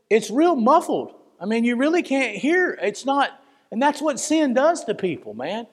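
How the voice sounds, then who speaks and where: Male preacher, fervent and emotional, very high voice, long hall reverb. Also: expressive, measured pace. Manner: fervent, emotional, swings from loud to hushed. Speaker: pastor. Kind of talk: sermon. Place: church.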